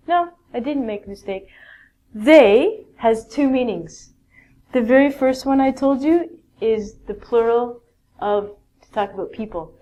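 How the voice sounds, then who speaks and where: A woman teaching a basic English grammar lesson in a classroom style, explaining slowly and checking in often with "okay?". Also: a little high, darkish tone, muffled recording. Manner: slow, clear teaching with many "okay?" checks.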